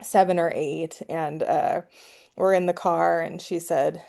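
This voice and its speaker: Middle-aged woman, gravelly low mellow voice, chatty storyteller on a podcast. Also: steady tone, unhurried. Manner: storytelling, chatty with laughs and restarts. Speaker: psychology professor guest. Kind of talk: casual podcast conversation.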